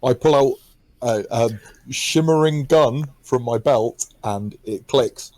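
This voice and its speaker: Male player in an online tabletop game, warm mellow voice, laid-back jokey delivery, dry mic. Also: mid-range voice, takes it slowly, no echo. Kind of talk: casual tabletop play over voice chat.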